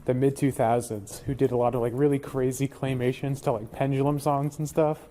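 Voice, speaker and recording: A young man in a casual podcast chat, telling stories in a quick, offhand way. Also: mid-range voice, flat delivery, dark tone, a little hiss or hum.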